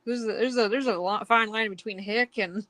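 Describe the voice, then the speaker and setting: A woman's voice: on the high side, normal speed, fairly bright tone, dry recording. A woman guest artist chatting casually and laughing often while she draws on a stream.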